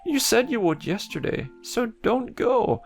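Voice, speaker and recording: A man's voice: extremely high pitch, very animated, a little slow, vocal fry, soft background music, voice pushed up, full character voice. A man voicing creepy dream children who pushily insist that someone come and play. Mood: insistent.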